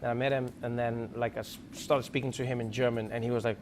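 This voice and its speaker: A man, telling chatty, animated stand-up stories. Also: medium pitch, fast talker, noisy background. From South Africa. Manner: animated, chatty, frequent "like" fillers. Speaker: stand-up comedian. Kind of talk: stand-up storytelling.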